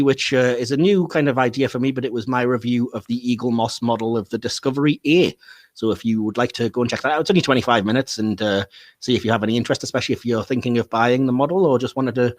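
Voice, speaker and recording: A man hosting a casual film podcast, chatting freely, laughing often and trailing off with fillers. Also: medium pitch. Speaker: podcast host.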